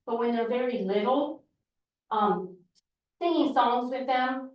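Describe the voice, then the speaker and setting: A woman's voice: on the high side, slow, distant mic. Woman teacher in a very echoey hall. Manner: lively storytelling, acts out classroom exchanges. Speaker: preschool teacher giving a talk. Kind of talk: informal presentation to a group. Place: large echoey church hall. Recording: very echoey hall, voice picked up from afar.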